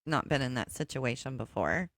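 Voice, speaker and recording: A woman co-hosting a podcast, giving measured, thoughtful takes in casual chat. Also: a bass voice, expressive, no echo, clean studio sound. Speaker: podcast co-host.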